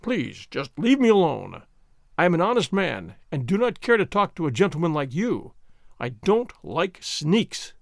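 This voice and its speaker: A man's voice: on the high side, very animated, moderate pace, no echo, clean studio sound. A man voicing an irritable young teacher who speaks curtly and sulkily. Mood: angry. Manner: curt, sulky.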